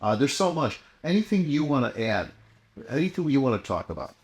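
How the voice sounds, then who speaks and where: A man's voice: medium pitch, very animated, a little fast. A man hosting a casual interview, affable and encouraging, with lots of short affirmations. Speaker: podcast host.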